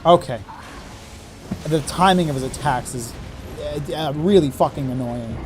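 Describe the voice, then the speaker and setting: A man with a slightly high voice speaks a little slowly while livestreaming a hard game, game music playing behind him. He narrates his play in frustration, cursing and talking to himself.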